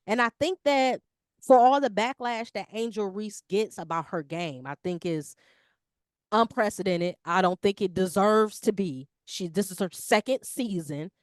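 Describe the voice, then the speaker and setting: Animated slangy woman in dry sound. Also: medium pitch, a little slow, no room sound. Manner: animated, slangy, lively talk about basketball. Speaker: podcast co-host. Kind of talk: casual sports chat.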